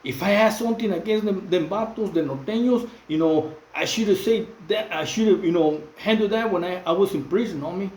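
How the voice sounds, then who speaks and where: Middle-aged Mexican man, fairly high voice, halting slang-heavy phone monologue. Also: darkish tone, roomy sound, low-quality recording. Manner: repetitive, many fillers and restarts, street slang. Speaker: channel host. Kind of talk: casual monologue to camera.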